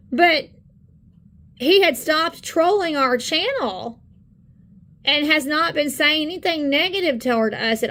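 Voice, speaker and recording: Indignant woman, a bit high. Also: a bit bright. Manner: indignant, halting with many fillers. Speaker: channel co-host. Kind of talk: casual commentary on screen content.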